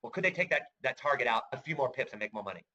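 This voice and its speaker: A man's voice: medium pitch, animated, racing, sharp tone, highs cut off, a little hiss or hum. A middle-aged man giving a webinar as a trading course instructor, chatty and enthusiastic, often asking "right?" and chuckling. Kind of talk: webinar presentation.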